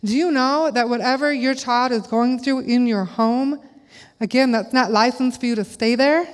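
Middle-aged woman preacher, animated storyteller, higher register, reverberant church hall. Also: normal speed. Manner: animated, acts out quotes in a high child voice. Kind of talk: sermon with storytelling. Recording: long reverb of a large hall.

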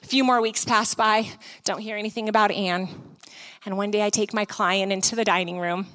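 A woman preaching a sermon as an animated story, acting out the scene and often saying "like". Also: medium pitch, a little fast. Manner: frequent filler "like".

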